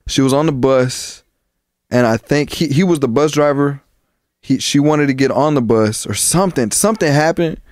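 A man's voice: medium pitch, normal speed, a little mellow, no room sound, studio quality. A young man co-hosting a podcast, telling long profane stories from childhood in a rambling, casual way. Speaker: podcast co-host. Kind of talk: casual chat.

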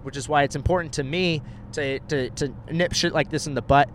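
A man's voice: fairly high pitch, steady tone, a little fast, a little hiss or hum. A young man casually telling a story on a podcast, acting out the people he quotes and swearing freely.

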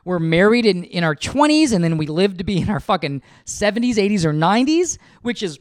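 A man's voice: sits high, very animated, fairly quick, no echo, studio quality. Joking, swearing man on a podcast. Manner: joking, defensive, heavy swearing. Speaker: podcast co-host. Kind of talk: casual couple chat.

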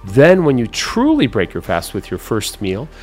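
A man hosting a health show, coaching listeners with energetic motivational talk and leading them through repeated affirmations. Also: mid-range voice, moderate pace, faint music behind.

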